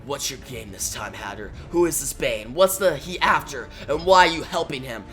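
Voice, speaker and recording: A man voicing a brooding masked crime-fighter in a low, hushed, stern voice. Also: expressive, moderate pace, soft background music. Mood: grim.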